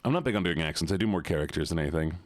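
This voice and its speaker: A man's voice: low-pitched, expressive, rapid-fire, no room sound, studio quality. A man streaming games and chatting casually with his viewers in a laid-back, teasing way. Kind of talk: casual chat with viewers while gaming.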